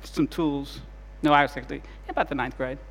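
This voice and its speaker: A man preaching a sermon as pastor, retelling scenes dramatically and shifting between loud and soft delivery. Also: mid-range voice, steady tone, fairly quick, husky, long reverb tail.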